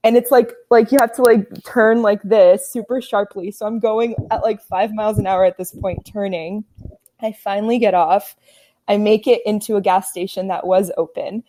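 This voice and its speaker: A woman in her twenties telling a story as a podcast guest, animated and laughing often, with lots of "like" fillers. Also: medium pitch, moderate pace. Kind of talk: casual chat.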